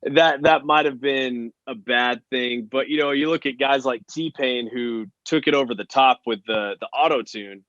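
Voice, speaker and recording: A man's voice: medium pitch, measured pace, hardly any pauses, a bit bright, no room sound, highs cut off. A man from Texas, a country singer guest, talking earnestly in casual interview chat with many "you know" fillers.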